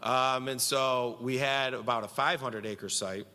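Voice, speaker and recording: A man's voice: mid-range voice, steady tone, a little slow, sharp tone, big-room sound. A man giving a conference speech from Central New York, telling a story and quoting himself and others with animation.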